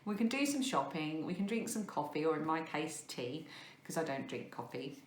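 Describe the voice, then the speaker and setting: Rambling woman with a low voice. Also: animated, normal speed. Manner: rambling, self-deprecating, many fillers. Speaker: podcast host. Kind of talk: casual chat showing crafts to camera. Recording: echoey room.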